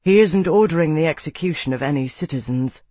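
A man voicing a thoughtful, grim young male army captain in a level, deliberate manner. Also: a little high, animated, darkish tone, dry recording.

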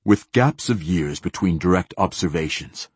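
A stubborn male senator, as a man puts him on with a deep, husky voice. He keeps pressing his questions, flat and hard. The sound is dry. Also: normal speed, dry recording.

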